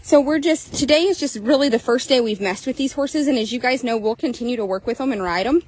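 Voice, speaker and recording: A horse trainer and seller talks viewers through a sale horse on an outdoor trail course, her voice a little high, a touch mellow, and quick. She's upbeat and chatty while hot and slightly out of breath. A rough recording carries a faint hiss or hum.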